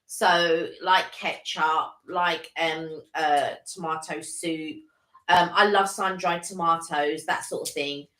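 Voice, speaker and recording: A woman's voice: low-pitched, steady tone, slow, sharp tone. A woman co-hosting a casual live stream, chatting enthusiastically with many restarts. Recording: echoey room.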